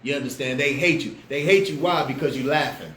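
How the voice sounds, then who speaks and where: A man preaching a street-style Bible class, fiery and slangy, swinging between loud outbursts and low asides. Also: brisk. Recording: echoey room with faint background noise.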